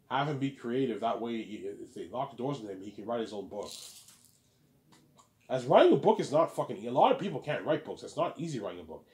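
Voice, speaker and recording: A man's voice: medium pitch, a little mellow. A man rambling boastfully about his own book, swearing freely and repeating himself as he acts out imagined praise. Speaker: self-published author and vlogger.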